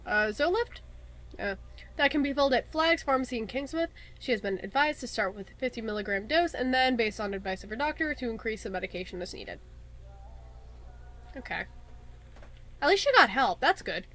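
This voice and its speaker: A woman's voice: a little high, animated, fairly quick, long pauses, fairly bright tone. Chatty young woman reading game letters. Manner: chatty and wry, breaks off into asides while reading. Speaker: let's play host. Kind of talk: casual gameplay commentary, reading in-game letters aloud.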